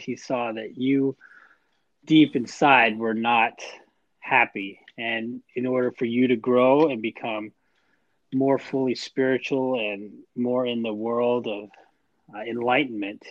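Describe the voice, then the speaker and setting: A man's voice: medium pitch, no room sound, lo-fi sound. A man co-hosting a podcast, giving earnest, faith-driven encouragement. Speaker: podcast co-host. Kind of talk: casual podcast chat.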